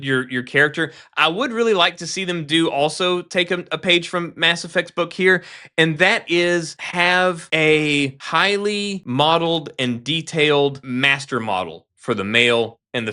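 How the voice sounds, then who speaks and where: An animated, opinionated man co-hosts a casual chat about games, restarting his sentences as he goes. His voice is bright and forceful and sits a little high. He often jumps in with strong views. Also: moderate pace. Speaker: game podcast co-host.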